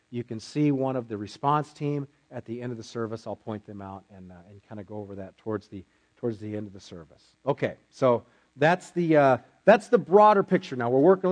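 A man's voice: mid-range voice, darkish tone. A pastor delivering a sermon to his church, asking rhetorical questions and voicing his listeners' objections.

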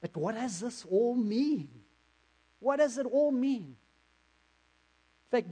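A man's voice: on the high side, rough recording. A man preaching in character as the apostle Peter, an impulsive fisherman retelling his story in the first person. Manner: first-person storytelling, swelling to excited outbursts. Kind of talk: dramatic monologue in a sermon.

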